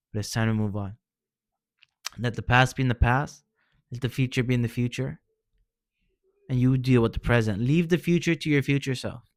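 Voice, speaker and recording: A man's voice: medium pitch, no echo, studio quality. A man talking casually and earnestly, giving heartfelt advice in informal slang and often calling the listener man or bro. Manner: earnest, encouraging. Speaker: vlogger sharing personal experience.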